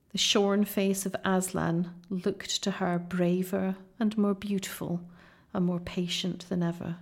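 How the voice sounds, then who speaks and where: A woman reading a children's novel aloud in a measured, dramatic storytelling manner. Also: medium pitch, level tone. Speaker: audiobook narrator.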